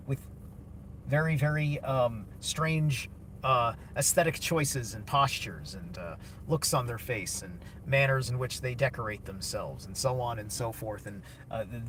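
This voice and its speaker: A man's voice: medium pitch, fairly bright tone, slight background noise. A man streaming a blunt, casual, opinionated monologue, swearing heavily and answering chat.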